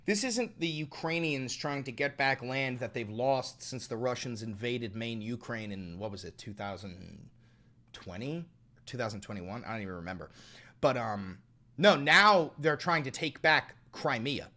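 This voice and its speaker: A man doing casual livestream reaction commentary, with a bright, forceful voice. He talks to viewers with open disbelief, swears freely and jumps from low muttering to shouts. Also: expressive, measured pace. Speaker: political commentator reacting to clips and chat.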